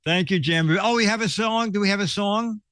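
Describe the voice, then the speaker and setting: A man's voice: high voice, fairly quick, a bit bright, dry recording. A man hosting a casual live-stream show, telling stories in a rambling way, chuckling often and restarting his sentences. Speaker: show host.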